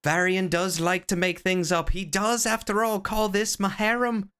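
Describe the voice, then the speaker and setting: A man chatting casually on a live game stream, playful and joking, sometimes hamming up a deliberately bad Irish accent, at a desk microphone at home. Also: high-pitched, flat delivery, sharp tone, clear, resonant tone. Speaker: variety streamer. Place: home room with closet doors.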